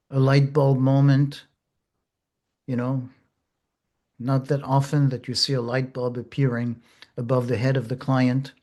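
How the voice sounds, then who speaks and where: A man teaching therapists in a slow, gentle, measured way, pausing often. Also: mid-range voice. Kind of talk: reflective teaching talk.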